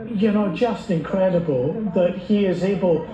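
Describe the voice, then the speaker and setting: Slow, high-voiced male news reporter. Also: reverberant, dull audio, a crowd in the background.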